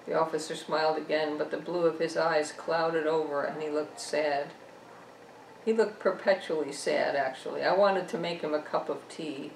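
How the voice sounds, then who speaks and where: A woman author reading her own novel aloud, telling a first-person story at a measured pace. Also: low voice, steady tone, creaky, slight background noise. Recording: echoey room, distant mic.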